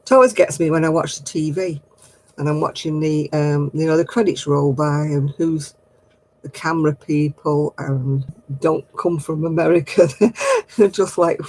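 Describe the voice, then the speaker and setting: Lady in her fifties, bit husky, nattering away and laughing on her craft stream. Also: deep voice, darkish tone, low-quality recording. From northern England. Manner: chatty, laughs often, homely exclamations. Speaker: craft livestream host. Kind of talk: casual chat with viewers.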